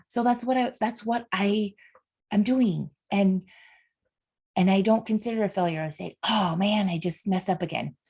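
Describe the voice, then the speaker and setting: A woman's voice: medium pitch, creaky, darkish tone, husky. Casting note: woman in her thirties, heartfelt solo podcast host, mid-range voice, sincere and direct. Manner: earnest, heartfelt, talks straight to listeners; faith-based encouragement. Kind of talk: solo motivational podcast monologue.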